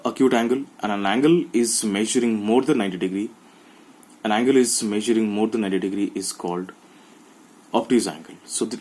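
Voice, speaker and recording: A man explaining geometry to schoolchildren, recording on a phone held in one hand, often repeating himself and pausing with fillers. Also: on the low side, darkish tone, poor audio. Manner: repeats phrases, halting with fillers. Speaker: math teacher. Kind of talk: classroom explanation to children.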